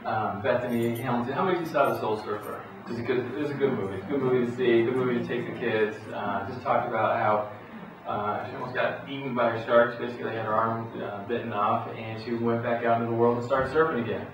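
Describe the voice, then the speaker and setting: A middle-aged man talks to a room of parents in a relaxed, folksy way, often restarting his sentences and acting out little quotes. He is heard from well back in a very echoey hall. The sound is dull and has a steady noise under it. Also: mid-range voice, fast, distant mic. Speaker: psychologist speaking to parents. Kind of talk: parent education talk. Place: school hall or auditorium.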